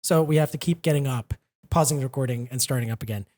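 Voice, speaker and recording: A man's voice: medium pitch, fast talker, a little mellow. A man hosting a casual podcast chat, easygoing and self-deprecating, laughing often. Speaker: podcast host and editor.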